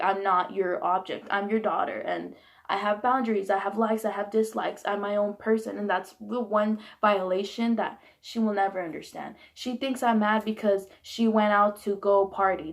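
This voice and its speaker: A woman's voice: medium pitch, vocal fry. A young woman in her twenties venting bluntly and heatedly about her upbringing, swearing freely in a candid vlog. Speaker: vlogger. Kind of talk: candid personal rant.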